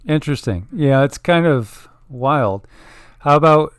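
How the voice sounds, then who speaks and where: A man's voice: mid-range voice, expressive, moderate pace, few pauses, dry recording, studio quality. A man co-hosting a casual online show, chatting easily with viewers and laughing often. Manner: easygoing, laughs often, thinks aloud. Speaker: channel co-host.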